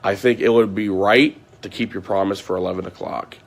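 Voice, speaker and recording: A man's voice: fairly low pitch, fairly even intonation, fairly quick. A man vlogging, ranting at length to his viewers in an aggrieved, repetitive way, often swearing.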